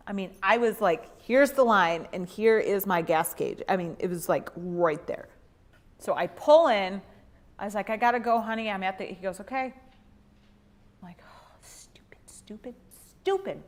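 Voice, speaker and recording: A woman in her thirties teaching a women's church class, telling a personal story and acting out the quoted lines. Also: medium pitch.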